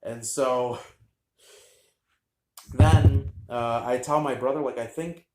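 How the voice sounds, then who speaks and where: A man's voice: medium pitch, takes it slowly. Rambling man telling a story, echoey room. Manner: rambling, deadpan humor, many fillers. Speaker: vlogger telling a childhood story. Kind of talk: casual storytelling.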